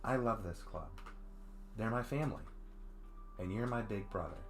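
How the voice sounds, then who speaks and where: A man voicing a small, simple, childlike goo creature girl, speaking softly in a visual novel reading. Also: lowish voice, animated, moderate pace, a little hiss or hum, close to an everyday voice. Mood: affectionate. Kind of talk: visual novel read-aloud.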